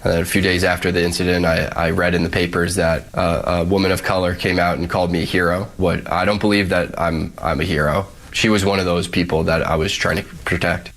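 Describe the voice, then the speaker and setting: A man giving an earnest, measured account in a recorded statement played on air. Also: deep voice, flat delivery, a bit bright. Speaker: interviewee recounting an incident.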